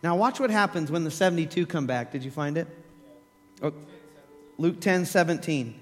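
A man preaches with a high, lively voice, acting out the story as he tells it. His words ring with long reverb through a church hall, with faint music underneath. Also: moderate pace. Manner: animated storytelling, acts out voices, laughs. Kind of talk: sermon.

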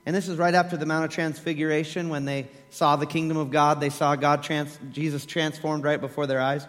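A man preaching a sermon, telling scripture stories with animated acted-out voices and laughter. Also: on the high side, brisk, in a large hall.

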